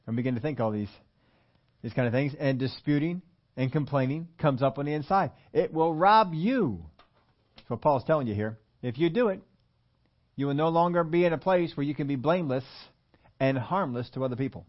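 A man preaching an animated sermon and asking his congregation questions. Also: fairly high pitch, a little fast, highs cut off. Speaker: pastor.

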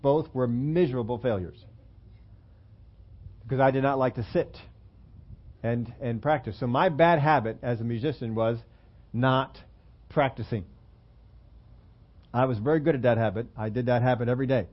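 A man's voice: mid-range voice, normal speed, pauses often. Man preaching a casual sermon, lo-fi audio. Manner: conversational, self-deprecating, asks the congregation questions. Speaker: pastor.

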